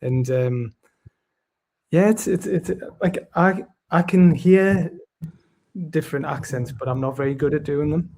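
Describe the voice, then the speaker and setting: A man's voice: a little high, a little slow, gravelly, darkish tone. A man with a Tyneside Geordie accent from Gateshead, hosting a casual interview in a friendly, enthusiastic way with hesitant restarts. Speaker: podcast host.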